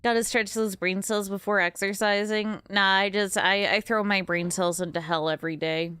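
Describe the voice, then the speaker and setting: A woman's voice: medium pitch, steady tone, moderate pace, sharp tone, clean tone, no room sound. A sleepy woman streaming a game, chatting casually with her viewers while laughing and rambling. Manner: rambling and giggly, talks to chat. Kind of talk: casual gameplay commentary.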